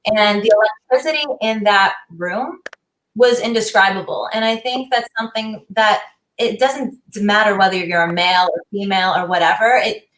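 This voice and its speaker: A woman boxer talks as a guest on a chat show, telling a story in an earnest, relaxed way. Her voice carries a clear room echo. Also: mid-range voice, normal speed. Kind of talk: casual storytelling. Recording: roomy echo.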